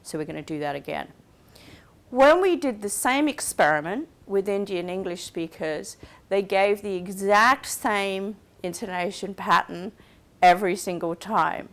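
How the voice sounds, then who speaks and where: In this recorded university lecture, a woman speaks unhurriedly in a mid-range voice. Walking through the material step by step, she keeps asking "okay?" and "right?" to check on her listeners.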